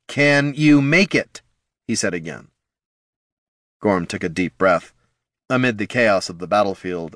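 A man narrating a fantasy audiobook in a steady, measured storytelling manner on a close studio mic. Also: deep voice, no room sound.

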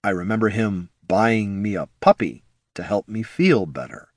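Brooding young wizard, low and somber, as read by a man narrator; slow, subdued delivery. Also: expressive, dry recording, clean studio sound. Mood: wistful.

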